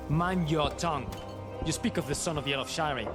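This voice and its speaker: A man's voice: a little high, brisk, natural voice. An actor playing a stubborn, dutiful man-at-arms in a story game, stiff and unbending. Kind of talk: game voice acting. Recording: game audio with loud music.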